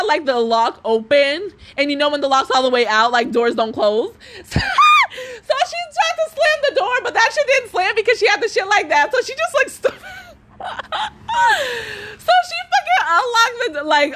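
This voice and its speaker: A young woman hosting a podcast, telling a profane, animated storytime rant, acting out dialogue and laughing often. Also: sits high. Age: young adult. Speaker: podcast host.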